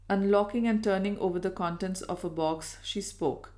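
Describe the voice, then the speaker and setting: A woman reading a Victorian novel aloud in a measured, even storytelling manner. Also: on the low side. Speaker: audiobook reader. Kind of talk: scripted narration of a Victorian novel.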